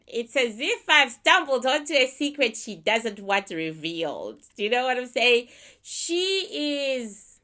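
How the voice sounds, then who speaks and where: Bright, blunt woman doing a casual reading. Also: a little high, big pitch swings, measured pace. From Canada. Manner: blunt, irreverent, laughing asides. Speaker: psychic reader. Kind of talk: casual spiritual reading monologue.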